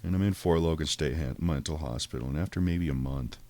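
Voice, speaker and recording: Very deep-voiced man telling a profane story. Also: fairly quick, a little mellow, no room sound. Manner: profane, rambling, acts out quotes in raised voice. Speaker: podcast host. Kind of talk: casual storytelling.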